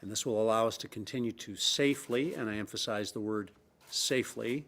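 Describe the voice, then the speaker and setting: A middle-aged man delivers an official briefing in a measured, earnest way. His voice sits fairly low, and he pauses on filler sounds while stressing key words. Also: fairly even intonation. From Canada. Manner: measured, earnest, with frequent uh fillers and repeated emphasis. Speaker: provincial premier giving a briefing. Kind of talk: formal press briefing statement.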